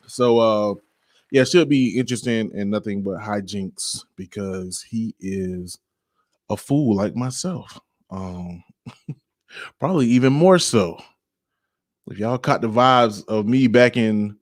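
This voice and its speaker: A man's voice: lowish voice, dry recording, clean studio sound. A man hosting his own podcast, talking in a laid-back, rambling way, full of slang and filler phrases. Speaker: podcast host. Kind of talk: casual podcast monologue.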